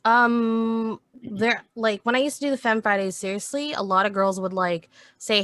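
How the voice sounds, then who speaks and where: A woman streamer talks in a relaxed, chatty way about her experiences. Her pitch sits in the middle, and the sound is dry and close, with no room echo. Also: moderate pace. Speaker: streamer guest. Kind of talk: casual chat.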